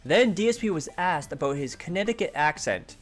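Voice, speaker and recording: Lively sarcastic male commentary host. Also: on the high side, brisk, faint music behind. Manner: sarcastic, recapping events. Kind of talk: narrating commentary over clips.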